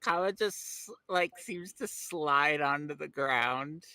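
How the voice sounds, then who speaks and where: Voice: medium pitch, takes it slowly, bright, forceful tone, clean tone, no room sound, poor audio. A tabletop player chatting in a playful, giggly way over a home microphone. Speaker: player voicing a character. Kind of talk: casual tabletop game chat.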